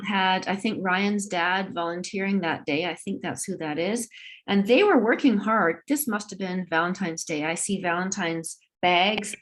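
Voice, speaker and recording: A middle-aged woman on a video call, presenting a school assembly in an upbeat, encouraging way. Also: medium pitch. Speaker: school administrator hosting an assembly.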